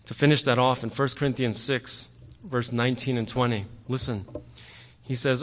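A man preaching a sermon earnestly, often pausing on "okay" and growing forceful on key words. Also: mid-range voice, steady tone. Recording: long hall reverb.

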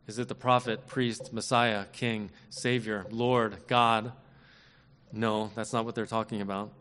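Earnest preacher in an echoing hall. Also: male voice, lowish voice, flat delivery, a bit bright, a little hiss or hum. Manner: earnest, measured preaching with emphatic repetitions. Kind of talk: sermon. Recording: long hall reverb.

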